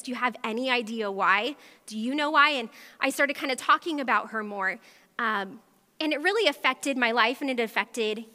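High, bright woman pastor preaching. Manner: animated storytelling, talks directly to audience. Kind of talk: sermon with personal story. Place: large church hall. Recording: long hall reverb.

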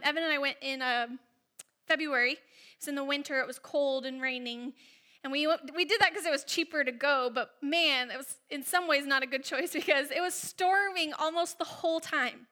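Bright, high-voiced woman preaching. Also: a little fast. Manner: expressive, leads the congregation in call-and-response. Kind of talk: sermon.

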